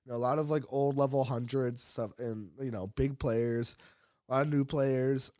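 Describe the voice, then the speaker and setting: A man's voice: mid-range voice, fairly even intonation, normal speed, darkish tone, no room sound. A man co-hosting a casual gaming podcast, rambling with playful outbursts. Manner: rambling, lots of fillers and restarts, playful outbursts. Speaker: podcast co-host.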